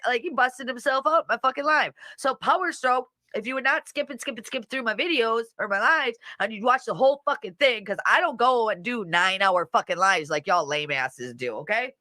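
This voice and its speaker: A woman's voice: on the high side, pushed and bright, dry recording. A woman hosting a casual livestream, reading comments and mocking people in a brash, profane way. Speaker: livestream host.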